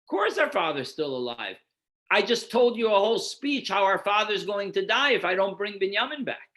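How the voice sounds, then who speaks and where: A man's voice: sits high, big pitch swings, normal speed, sharp tone. A man, a rabbi, teaching a Torah class, posing rhetorical questions and then answering them while guiding listeners through numbered source texts. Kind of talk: explanatory lecture.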